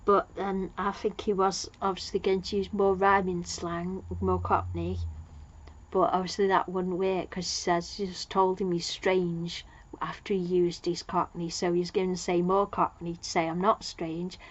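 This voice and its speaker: A woman's voice: lowish voice, little pitch movement, unhurried. Woman rambling thru an episode recap, lots of um and like, kinda dull lo-fi sound. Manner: rambling, loses her place, many fillers. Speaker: TV episode reviewer.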